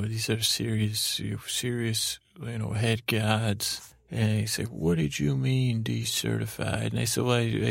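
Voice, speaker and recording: Gravelly man rambling a sleepy story. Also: dry recording, studio quality. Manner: meandering, halting, lots of fillers and restarts; drowsy, low-key storytelling. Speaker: podcast host.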